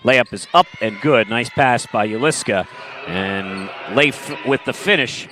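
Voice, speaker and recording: A man calling a live basketball game as play-by-play commentator, with brisk, excitable calls and wry asides. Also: medium pitch, slight background noise.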